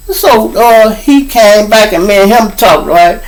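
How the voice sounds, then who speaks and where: A middle-aged man from Chicago with a Chicago accent, hosting a show and telling street stories in a casual, animated way, acting out the people in them. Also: high voice, a little slow, few pauses, low-quality recording. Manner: animated, acts out voices of people in his stories. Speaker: storyteller host.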